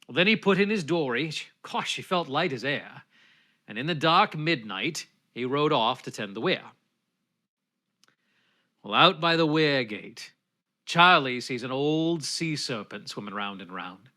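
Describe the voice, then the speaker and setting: A man's voice: medium pitch, lively intonation, unhurried, bright, forceful tone. A man reciting a folksy narrative ballad at an online bardic gathering. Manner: folksy down-east storytelling. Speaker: poetry reciter.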